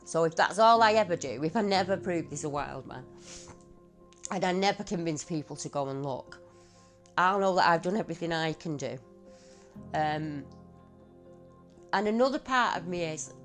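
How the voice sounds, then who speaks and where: A woman in her fifties giving emotional, halting testimony as an eyewitness, her voice choking up and tearful. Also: on the low side. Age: 50s. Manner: halting, emotional, repeats herself. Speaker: eyewitness interviewee, researcher.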